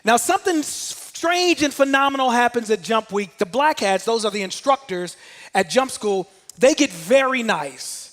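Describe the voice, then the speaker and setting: A man giving a motivational talk, telling a personal story in an animated way. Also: extremely high pitch, normal speed, long reverb tail, soft background music. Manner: animated storyteller, shouts out quoted commands. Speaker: motivational speaker.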